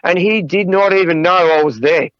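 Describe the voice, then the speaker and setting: A man's voice: high-pitched, a little fast, highs cut off. A middle-aged man, a podcast guest telling profane road anecdotes between bursts of laughter. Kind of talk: casual storytelling interview.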